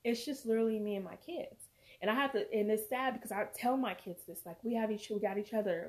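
A woman's voice: on the high side, fairly quick. A woman vlogging as a mother, talking earnestly and emphatically, swearing at times and close to tears. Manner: earnest, emphatic, swings from loud to quiet. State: near tears. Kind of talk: emotional personal vlog talk.

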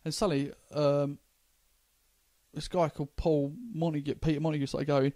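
A man, co-hosting a comedy podcast and telling crude stories with swearing in an animated way. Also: on the high side, moderate pace, no echo, clean studio sound. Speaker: comedian co-host. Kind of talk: casual comedy podcast chat.

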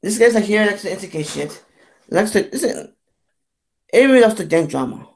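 A man vlogging a rambling, profane rant, halting and repetitive, with frequent restarts and stammers. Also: high-pitched, lively intonation, gravelly. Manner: profane, repetitive, keeps saying "you know what I'm saying". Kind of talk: rambling ranting monologue.

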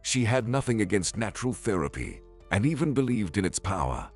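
A man narrating a scripted story in an even, measured way. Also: on the low side, slightly rough, faint music behind.

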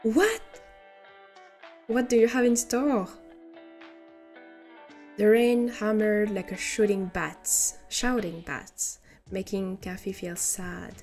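A woman's voice: mid-range voice, steady tone, slow, pauses often, a little mellow, faint music behind. A young woman with a French accent who is not a native English speaker, reading a story aloud on stream and breaking into giggly, amused asides.

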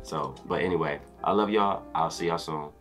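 A young adult man casually reacting to a dance video, excitable and slangy, repeating his exclamations. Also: sits low, normal speed, soft background music.

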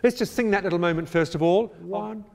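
A man directing a choir rehearsal, brisk and encouraging, with jokey asides, and he sings out phrases to demonstrate. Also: sits high, noisy background. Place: church or large hall. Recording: long hall reverb.

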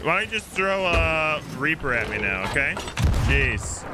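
A man streaming a game, excitable commentary full of yelps and shouts at the action. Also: a little high, measured pace. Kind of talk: live gameplay commentary. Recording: loud game sea and boat noise behind.

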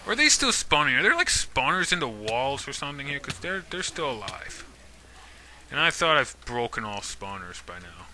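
Gaming YouTuber, male, bright and sharp tone, playful mock threats at mobs. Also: mid-range voice, very animated, normal speed, a little hiss or hum. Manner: talks to game mobs, mock-menacing and jokey. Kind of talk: casual let's-play commentary.

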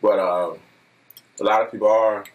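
A man's voice: fairly low pitch, fairly even intonation, normal speed, highs cut off. A man co-hosting a mukbang eating show, talking in a laid-back, drawling casual chat while he eats. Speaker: mukbang co-host.

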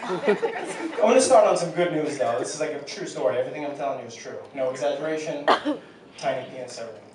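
A man's voice: mid-range voice, animated, fast. A young man doing a stand-up set in a comedy club, telling a crude, rambling, self-deprecating story. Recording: distant, very echoey club recording with loud crowd.

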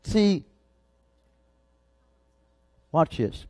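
A male pastor preaching a sermon, swinging from loud, excited shouts to low, intense asides. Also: drawn-out words, dry recording.

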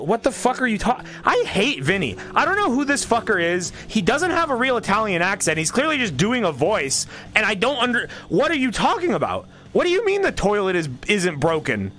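A man streaming a video game, commenting casually, excitable and swearing as he yells at the game. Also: high voice.

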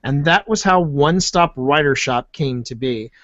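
A man with an American accent, chatting as a podcast guest in a jokey way with quick restarts. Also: fairly high pitch, a bit bright, no echo. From United States. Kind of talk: casual conversation. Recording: dull lo-fi dry sound.

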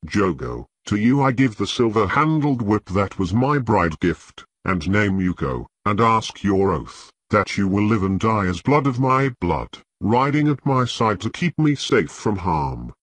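A resolute young queen, read by a man speaks in solemn, measured declarations. The voice sits low and husky, with a lively rise and fall, and the sound is close and dry. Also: dry recording, exaggerated voice.

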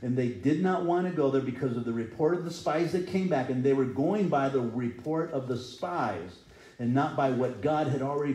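A man's voice: mid-range voice, warm tone. Earnest male pastor in a roomy church. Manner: earnest, rises and falls in intensity, acts out quoted cries. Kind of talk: sermon. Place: church sanctuary.

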